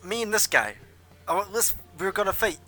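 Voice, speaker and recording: A woman's voice: medium pitch, sing-song, moderate pace, pushed and bright, faint music behind, voice pushed up. A man voicing an eager, cheeky young woman fighter in a tabletop game.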